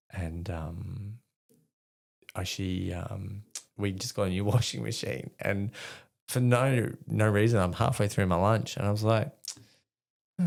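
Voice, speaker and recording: A man's voice: low-pitched, vocal fry, darkish tone. A middle-aged man, a veteran guest, telling frank stories in a rambling way with many fillers. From Australia. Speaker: podcast guest, army veteran. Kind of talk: candid conversational storytelling.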